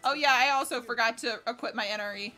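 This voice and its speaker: A woman streamer giving chatty, excitable live commentary while playing a co-op game, laughing and swearing often. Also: a little high, fast. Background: faint game music.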